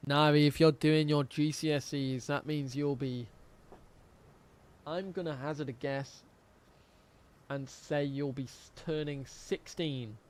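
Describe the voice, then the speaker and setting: A man's voice: on the high side, steady tone, takes it slowly, pauses often. A man streaming a dinosaur game, chatting casually with viewers, reading out chat and swearing often.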